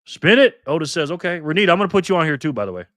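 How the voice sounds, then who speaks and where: A man hosting a live stream in a loose, joking way, reading the chat messages out loud. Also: on the high side, big pitch swings, very fast, no echo, studio quality. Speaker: livestream host.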